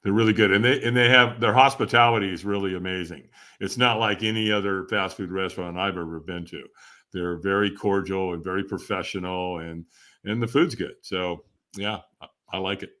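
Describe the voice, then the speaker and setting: A middle-aged man, a podcast guest, telling animated stories with frequent laughs and acted-out dialogue. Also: low-pitched, fairly quick. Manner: animated storyteller, laughs often, acts out quoted dialogue. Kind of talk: storytelling interview.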